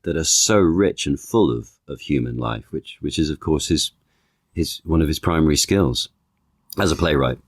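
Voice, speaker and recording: A man with a strikingly low, deep voice speaks as a podcast guest, thinking aloud, restarting phrases and reaching for analogies. The sound is close and dry, with no room around it. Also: dry recording. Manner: thoughtful, halting, with frequent restarts and analogies. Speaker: guest, actor and author. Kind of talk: conversational podcast interview.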